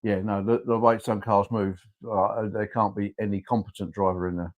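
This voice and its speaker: A man's voice: fairly low pitch, level tone, moderate pace, muffled recording. A man co-hosting a comedy podcast in casual chat, joking and laughing often. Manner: jokey, laughs often, playful. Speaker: podcast co-host.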